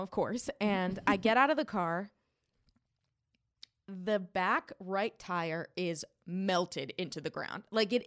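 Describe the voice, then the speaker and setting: A young woman co-hosting a podcast, telling a long story in a casual, animated way, swearing often and acting out what people said. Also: medium pitch. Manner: animated, profane storytelling with quoted voices. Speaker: podcast co-host.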